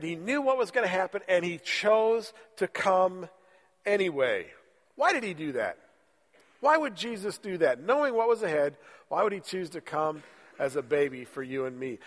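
A man's voice: high-pitched, long reverb tail. A man preaching a sermon in church while fighting a cold, in a joking, conversational way. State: has a cold, voice lowered. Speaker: pastor. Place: church sanctuary.

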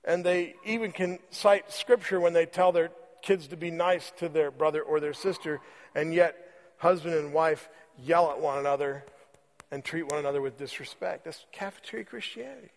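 A man preaching a sermon as pastor, conversational and repeating phrases for emphasis, slowing on key words. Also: on the high side, big-room sound. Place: church sanctuary.

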